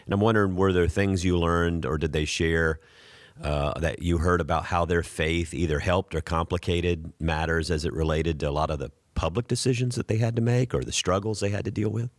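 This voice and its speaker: A man, a pastor, hosting an interview and asking long, gentle questions. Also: deep voice, steady tone, a little fast, dry recording, studio quality. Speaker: podcast host, pastor.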